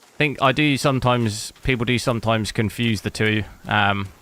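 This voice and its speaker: English guy rambling on his live stream, bright voice, keeps stopping to find the word. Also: mid-range voice, moderate pace. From England. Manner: rambling, chatty, searches for words aloud. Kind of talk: casual live-stream chat while gaming.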